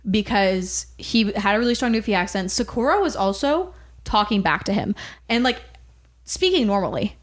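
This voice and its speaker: A woman co-hosting a casual podcast, chatting at a middle pitch. She tells long rambling stories and fills them with "like" and restarts. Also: lively intonation, moderate pace. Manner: chatty storyteller, heavy use of "like". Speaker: podcast co-host. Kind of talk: casual chat.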